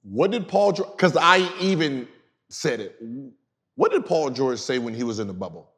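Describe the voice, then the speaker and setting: A man's voice: medium pitch, big pitch swings, moderate pace, fairly bright tone. A man co-hosting a podcast, talking casually and making his point in conversation. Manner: conversational, makes points with quoted voices. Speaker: podcast co-host.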